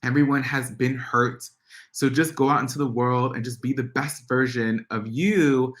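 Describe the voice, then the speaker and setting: A young man from Central America speaking to a live audience as a guest speaker, an animated storyteller who acts out family members' voices. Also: mid-range voice, normal speed.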